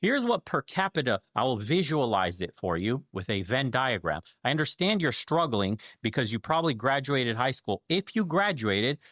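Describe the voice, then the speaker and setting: A man's voice: medium pitch, sing-song, moderate pace, hardly any pauses, a bit bright, no room sound, clean studio sound. A man giving opinion commentary in a lecturing, emphatic, sarcastic manner. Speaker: commentator in a played clip.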